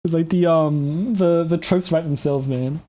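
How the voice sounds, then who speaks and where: Over a loud event crowd and noise, a channel host comments casually on event footage, chuckling often and rambling with restarts. His voice is on the high side and a little slow.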